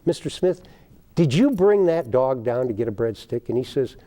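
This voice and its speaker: An older man spins a folksy tale with a lively, swooping voice that rises high when he gets excited. His tone is dark and mellow. He acts out the people in his stories as he goes. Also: normal speed. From United States. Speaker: guest, baker. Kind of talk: storytelling in a TV interview.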